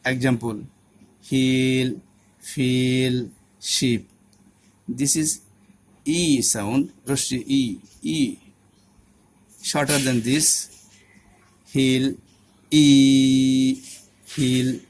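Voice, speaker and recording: A man gives a pronunciation lesson in a mid-range voice. He speaks very slowly, sounding out each vowel and example word one at a time. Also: mid-range voice, steady tone, slight background noise. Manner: deliberate, repeats sounds and words one by one. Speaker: English pronunciation teacher. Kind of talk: instructional lesson.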